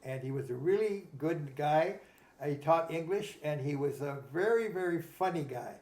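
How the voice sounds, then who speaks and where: Man, animated anecdotes, somewhat high voice, roomy echo. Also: normal speed. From Nanaimo, Canada. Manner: animated anecdotes, acts out quotes. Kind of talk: casual storytelling.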